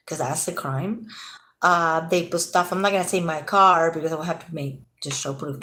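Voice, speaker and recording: A woman's voice: on the low side, normal speed, pushed and bright. A tired woman ranting casually to her viewers in an agitated, rambling way, swearing freely. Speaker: vlogger. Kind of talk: casual rant to camera.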